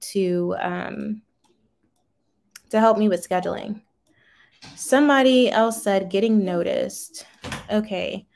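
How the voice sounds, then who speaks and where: A woman's voice: medium pitch, darkish tone. A woman in her thirties chatting casually on a livestream, answering viewer comments in a folksy, talkative way. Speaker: livestream host, small business owner.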